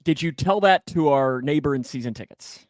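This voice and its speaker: Animated, jokey man co-hosting a podcast. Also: normal speed, dry recording, clean studio sound. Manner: animated, jokey, pitch jumps up when excited. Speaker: podcast co-host. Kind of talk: casual sports chat.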